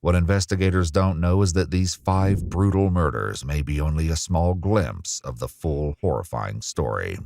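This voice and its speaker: A male narrator reading a scripted true crime documentary in a measured, grave manner. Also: low-pitched, vocal fry, noisy background.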